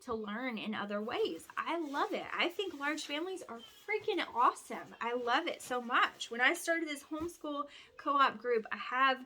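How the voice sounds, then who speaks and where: Folding laundry indoors at home, a sleep-deprived homeschooling mom and vlogger from Alabama chats in a rambling way, frequently starting over. Her voice sits high and sounds animated, pushed and bright at a normal speed, with slight background noise.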